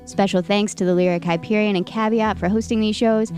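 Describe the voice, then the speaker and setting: A woman hosting a podcast, reading a measured scripted outro and credits. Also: medium pitch, fairly even intonation, darkish tone, faint music behind. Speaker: podcast host.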